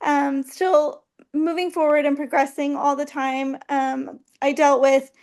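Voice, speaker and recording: A woman's voice: sits high, level tone, unhurried, darkish tone. A woman sharing a personal testimony as a guest, heartfelt and hesitant, with many ums.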